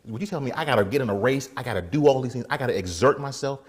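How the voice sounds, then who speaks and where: A man preaching in a storytelling way, animated, acting out other people's voices and laughing often. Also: medium pitch, very fast, slightly rough. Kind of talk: storytelling sermon.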